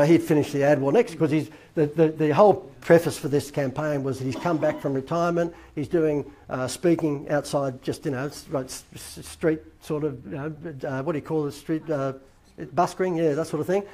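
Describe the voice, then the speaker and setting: A man's voice: a little high, warm tone. An Australian man hosting his own show, telling a rambling anecdote and acting out the dialogue he quotes. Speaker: host. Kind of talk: casual anecdotal storytelling.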